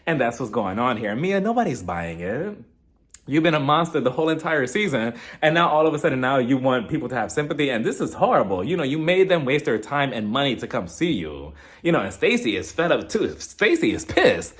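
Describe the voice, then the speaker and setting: A man giving a casual, mocking recap of a reality TV episode, slipping into quick impressions. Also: medium pitch, big pitch swings, fairly bright tone. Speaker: TV recap reviewer.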